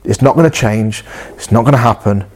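A man's voice: on the low side, fairly quick, darkish tone. A man preaching a sermon in an earnest, passionate way, often repeating and restarting his phrases.

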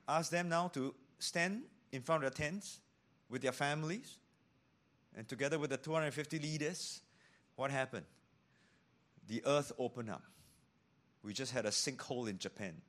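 Here a man of medium pitch delivers a sermon as pastor. He's lively, lowering his voice to a whisper to stress points and performing the voices he cites.

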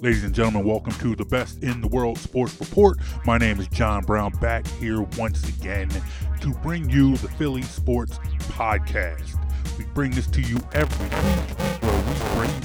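Fired-up low-voiced sports host. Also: male voice, a little slow, loud music behind the voice. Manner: emphatic, worked-up, repeats himself for stress. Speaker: podcast host. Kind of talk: casual sports podcast talk.

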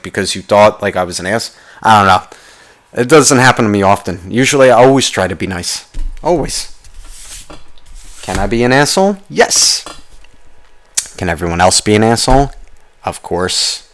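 A young man ranting casually, profane and rambling, telling a story with animated quoted voices. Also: mid-range voice. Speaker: podcast host.

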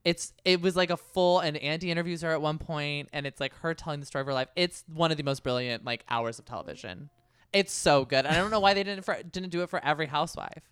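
A podcast co-host in casual chat about a reality show, chatty and quick to laugh, quoting people in animated bursts. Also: medium pitch, clean tone, no room sound, clean studio sound.

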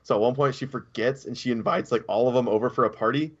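Casual podcast co-host, male, mid-pitched, rambling storyteller, dull lo-fi sound. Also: fast. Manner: rambling storytelling, acts out quotes in raised voices. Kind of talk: casual chat.

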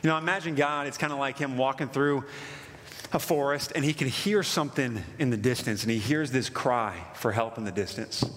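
A man preaching an impassioned sermon, reading scripture slowly and with emphasis. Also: medium pitch, a bit bright, in a large hall. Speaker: pastor.

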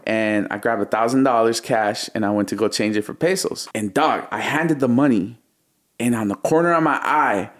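A music producer in his thirties, appearing as an interview guest, tells a story in slangy, animated fashion, acting out what he said at the time. His pitch is medium and his speed normal.

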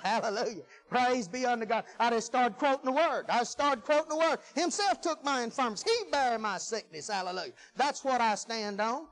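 Folksy preacher man, high voice. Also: animated, fairly quick, hardly any pauses, poor audio. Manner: folksy, emphatic, swings from loud to hushed. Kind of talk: sermon.

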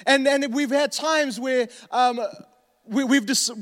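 A man's voice: extremely high pitch, steady tone, slow, fairly bright tone, big-room sound. A male pastor, preaching a sermon in a conversational way with joking asides and restarts.

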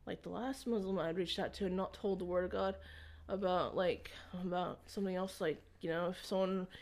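A woman in an interview, telling a personal faith story in a rambling, halting way with frequent restarts. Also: on the low side, steady tone, darkish tone. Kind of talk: conversational testimony.

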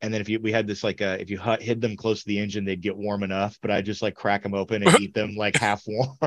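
A man's voice: fairly low pitch, level tone, fast talker, few pauses, fairly bright tone, dry recording, lo-fi sound. A man in casual chat, telling rambling stories full of swearing and laughs. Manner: rambling, profane storytelling with laughs. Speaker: podcast co-host.

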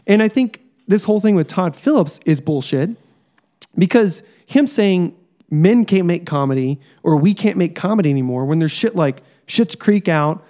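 A man co-hosting a casual podcast chat, ranting in a profane, animated way. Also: high-pitched, normal speed. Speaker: podcast co-host.

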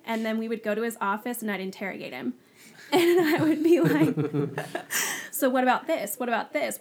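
A woman with a fairly high voice tells her own story as a guest, casual and animated. She keeps slipping into the voices of the people she quotes, peppering everything with "like". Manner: animated, acts out quoted dialogue, frequent "like". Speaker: guest sharing her testimony.

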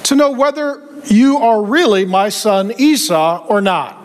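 A man's voice: high voice, unhurried, in a large hall. A man voicing a suspicious old blind father who questions his son.

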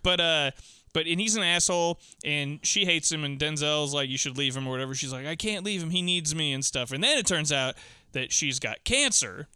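A man with a very bright, crisp voice chats casually through a movie plot, slipping into the characters' lines as he goes. The sound is close and dry, with no room around it. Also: on the high side, lively intonation, fairly quick, dry recording. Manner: recaps plots, acting out characters' lines. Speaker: podcast co-host.

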